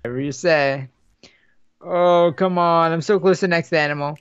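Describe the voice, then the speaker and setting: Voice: mid-range voice, normal speed, smooth, no room sound, dull audio. A co-player in casual gaming chat, easygoing and often laughing.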